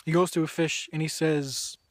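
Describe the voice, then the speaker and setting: A man's voice: fairly high pitch, little pitch movement, normal speed, dry recording. A man giving an earnest, preachy opinion monologue to camera, often restarting his sentences. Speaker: vegan video blogger and author.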